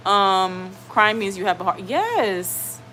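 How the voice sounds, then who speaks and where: A woman's voice: lowish voice, lively intonation, moderate pace, fairly bright tone, slight background noise, rough recording. A woman hosting a live stream in casual chat. She rambles, reads out viewer comments and reassures people, often checking in with "okay?". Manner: reassuring, keeps asking "okay?".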